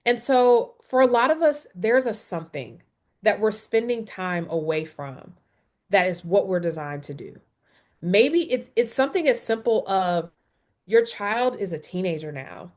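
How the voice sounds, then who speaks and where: A woman's voice: mid-range voice, a little slow. Candid woman hosting a wellness webinar. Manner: candid, expressive, acts out dialogue. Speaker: webinar host, wellness professional. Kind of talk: casual webinar chat.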